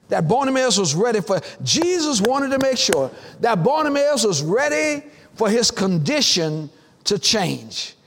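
A male pastor, preaching a sermon with dramatic pauses and building, repeated lines. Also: very high voice, a bit bright. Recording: long hall reverb.

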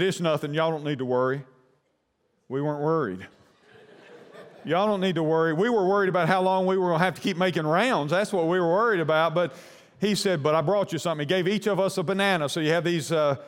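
A man's voice: fairly high pitch, long reverb tail. A man preaching a sermon, telling a long anecdote in a folksy, rambling way. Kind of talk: sermon storytelling.

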